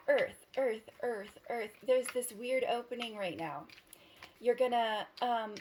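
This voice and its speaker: A woman's voice: a little high, slight background noise. A woman giving a casual tarot reading to the camera, who rambles, giggles and cuts herself off mid-thought. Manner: rambling, giggly, self-interrupting. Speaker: tarot reader.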